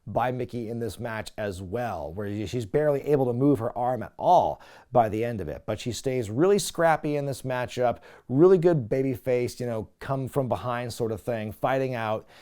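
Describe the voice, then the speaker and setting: A man hosting a casual wrestling recap, talking in an animated, chatty way with lots of filler words. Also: mid-range voice, moderate pace. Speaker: wrestling recap podcast host.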